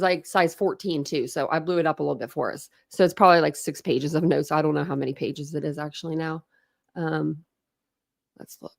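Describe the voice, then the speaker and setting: A woman's voice: on the low side, no echo, clean studio sound. A woman hosting a casual true crime livestream, chatting, greeting viewers and laughing often from her home. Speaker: true crime channel host.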